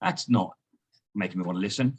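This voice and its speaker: A man, a sales trainer and guest, coaching in a lively, emphatic way. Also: deep voice, fairly quick, husky. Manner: lively, emphatic coaching with frequent "you know". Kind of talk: coaching conversation.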